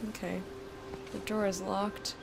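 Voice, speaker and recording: A young woman casually commenting while playing a video game, chatty and thinking aloud, with sudden bursts of excitement. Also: medium pitch, measured pace, vocal fry, noisy background. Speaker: let's play streamer.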